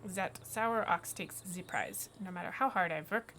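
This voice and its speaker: A woman voicing a hefty gourd-headed male vegetable farmer with a put-on German accent and a gruff, grumbling manner. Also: lowish voice, unhurried, a bit bright. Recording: game music playing behind.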